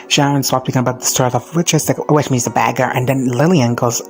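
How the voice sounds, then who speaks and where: A vlogger giving a casual, profane and gushing recap of a show, chatty and quick to jump into quoted bits. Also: medium pitch, fairly even intonation, soft background music. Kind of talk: casual crack recap reaction.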